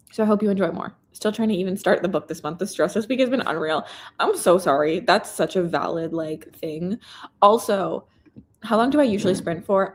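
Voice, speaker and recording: A young Canadian woman hosting a casual live reading stream, reading out viewer comments in a bubbly, chatty way. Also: medium pitch. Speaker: booktuber reading chat host.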